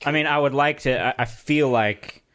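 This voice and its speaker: A man's voice: medium pitch, moderate pace, fairly bright tone, clean tone. A man co-hosting a podcast, rambling in casual chat, swearing a lot and laughing often. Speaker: podcast co-host.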